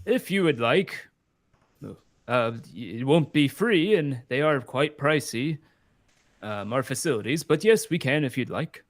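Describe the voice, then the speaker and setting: A man's voice: on the high side, lively intonation, a little slow. Man voicing a polite corporate clerk.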